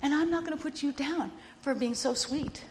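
An older woman co-hosting a Christian talk show, telling stories in a loud, animated way and laughing often. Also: sits high, moderate pace, slight background noise. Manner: loud and bossy by her own account. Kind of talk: casual faith-based chat.

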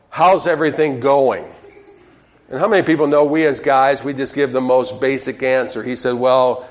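A pastor delivers his sermon in a somewhat raised voice. He tells stories with energy and keeps asking the congregation questions, often tagging on "okay?". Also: on the high side. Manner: lively storytelling, asks the crowd questions, frequent "okay?". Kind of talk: sermon with a told joke.

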